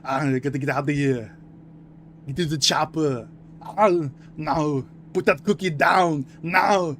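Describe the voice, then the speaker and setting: A loud, throaty action-hero bark, put on by a man for a laugh. The grunting, gruff Austrian-flavored voice is pitched above his own and pushed hard. A noisy background runs underneath. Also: a little slow. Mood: gruff, bossy. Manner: barking, throaty grunting delivery.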